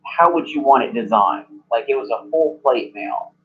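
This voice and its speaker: A man narrating as game master in a halting way, filling gaps with "like". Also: mid-range voice, expressive. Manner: halting, many "like" fillers. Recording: muffled lo-fi recording.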